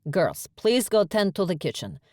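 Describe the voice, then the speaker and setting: A dignified, motherly cafe owner speaks calmly and formally, as a female narrator puts her on. The voice sits low and the audiobook read is dry. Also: normal speed, no room sound. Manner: calm and formal. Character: calm, dignified woman who runs a cafe, motherly. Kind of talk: audiobook character voice.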